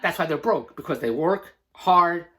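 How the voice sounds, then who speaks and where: A man's voice: fairly high pitch, expressive, normal speed, fairly bright tone. A man vlogging a casual motivational monologue, rambling and emphatic, laughing often between phrases. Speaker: vlogger and entrepreneur.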